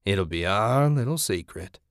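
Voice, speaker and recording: A man voicing a crude, bossy male club owner who talks in a gruff, leering way. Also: on the low side, expressive, unhurried, dry recording, clean studio sound. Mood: sleazy.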